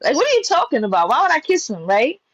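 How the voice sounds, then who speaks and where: A young woman from New York telling a personal story in a casual, profane, animated way, laughing as she goes. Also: high voice, quick pace, no echo, dull audio.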